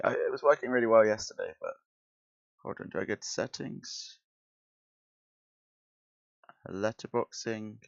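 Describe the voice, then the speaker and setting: A man's voice: fairly low pitch, creaky, lo-fi sound. A man who teaches school, reading a comic aloud on a stream and breaking off into chatty, amused asides. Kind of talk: casual comic read-along commentary.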